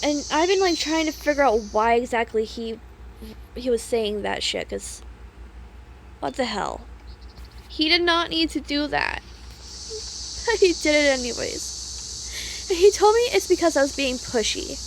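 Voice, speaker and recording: High-voiced young woman venting. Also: lively intonation, measured pace, pauses often, background noise. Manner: upset, swears freely, rambling with fillers. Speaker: vlogger. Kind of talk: casual venting monologue.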